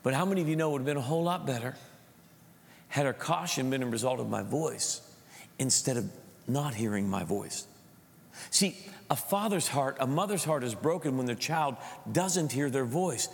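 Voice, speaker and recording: A man's voice: mid-range voice, expressive, moderate pace, vocal fry. A middle-aged male pastor preaching a sermon, telling a family story with frequent repeated words and restarts. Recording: long hall reverb.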